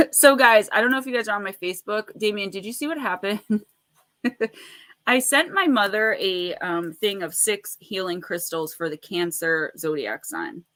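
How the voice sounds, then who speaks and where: Bright chatty woman hosting a livestream. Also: mid-range voice, lively intonation, moderate pace. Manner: chatty, rambling, greets viewers by name, laughs often. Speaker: oracle card reader and livestream host. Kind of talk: casual livestream chat and card reading.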